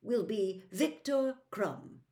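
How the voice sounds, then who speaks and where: A woman voicing a wise elderly male wizard headmaster, speaking in a measured, formal way in a storybook read-aloud. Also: medium pitch, big pitch swings. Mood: announcing.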